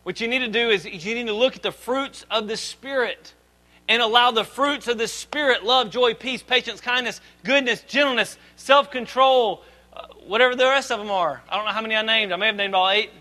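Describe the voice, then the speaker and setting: A man in his thirties preaching a sermon as pastor, swinging between loud emphatic lines and quiet asides. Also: extremely high pitch, a little fast, low-quality recording.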